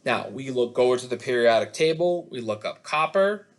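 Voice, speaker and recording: A man's voice: mid-range voice, expressive, moderate pace. A middle-aged man teaching a physics class online over a video call, chatty and joking with students between worked problems. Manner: chatty, jokey asides to students. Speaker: physics instructor. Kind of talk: online lecture.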